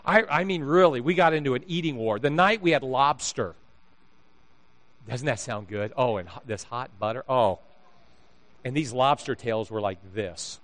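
Lively, animated male preacher. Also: fairly high pitch. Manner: animated storyteller, acts out dialogue, laughs often. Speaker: pastor. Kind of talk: sermon with humorous storytelling.

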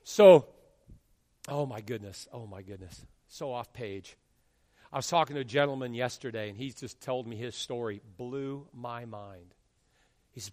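A man in his fifties, a pastor preaching an animated sermon and acting out quotes from his congregation. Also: mid-range voice, normal speed, no echo, big-room sound. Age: 50s.

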